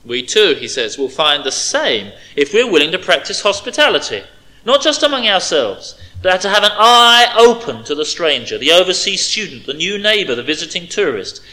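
Emphatic man preaching, lively pitch. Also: moderate pace, low-quality recording. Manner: emphatic, rising on key words, dropping to quiet asides. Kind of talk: expository sermon.

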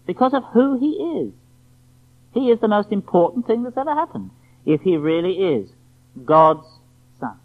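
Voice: medium pitch, sing-song, normal speed. A preacher giving an evening sermon, emphatic and rhetorical, often asking the listeners questions. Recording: tinny phone-like lo-fi sound.

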